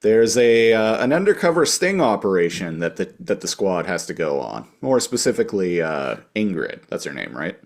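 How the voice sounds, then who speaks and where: A man's voice: deep voice, very animated, moderate pace, vocal fry, hardly any pauses. A man co-hosting a podcast in casual chat, talking loosely with lots of "like". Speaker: podcast co-host.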